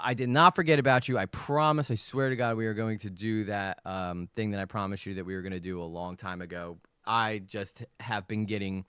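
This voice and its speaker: A man's voice: medium pitch, clear, resonant tone, no echo, clean studio sound. A man hosting a casual livestream, chatting animatedly, repeating phrases and reading out viewers' names from the chat. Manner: animated, repeats himself, reads chat aloud. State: recovering from illness. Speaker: livestream host.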